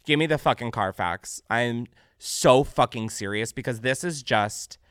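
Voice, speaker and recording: Speaking at a measured pace in a medium pitch, a young man hosts a podcast where he sarcastically riffs on news stories in casual comedic chat. He's animated, swears freely, and breaks into laughter, recorded cleanly in a studio with no echo.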